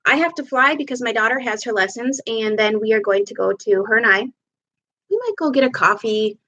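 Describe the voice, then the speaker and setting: Chatting away on a live stream from home, a woman applies her makeup while rambling casually, recorded through her camera mic. She sounds a little high and fairly bright, expressive, at a normal speed.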